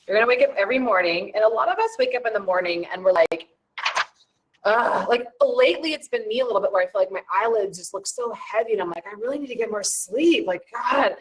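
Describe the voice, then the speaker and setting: A woman wellness coach hosting an online challenge, talking in a chatty, rambling and animated way with many fillers. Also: medium pitch, low-quality recording. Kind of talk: casual chat.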